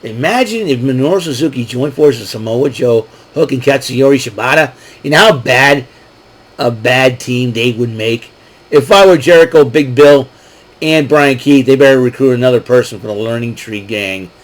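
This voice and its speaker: A man's voice: mid-range voice, moderate pace, poor audio. A man hosting his own show, recapping a wrestling event in a rambling, chatty way with lots of fillers and asides. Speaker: show host. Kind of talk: casual solo wrestling recap.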